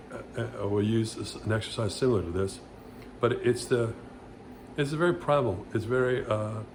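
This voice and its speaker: A man teaching vocal exercises in a loose, rambling way, with many restarts and loud sung vowel demonstrations. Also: fairly low pitch, slight background noise. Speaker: vocal coach. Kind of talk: casual vocal lesson with demonstrations.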